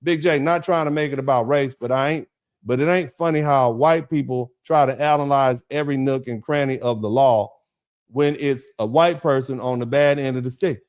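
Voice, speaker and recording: A middle-aged American man hosting a livestream, reading chat comments and riffing in a lively, preacherly way, acting out little dialogues. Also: moderate pace. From United States. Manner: animated, preacherly, acts out dialogues; drops to low, quiet tone when telling a personal story.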